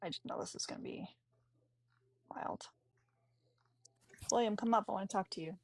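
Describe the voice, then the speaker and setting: Host, woman with a deep, gravelly voice and dry delivery, close mic. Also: normal speed, dry recording. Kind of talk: casual chat.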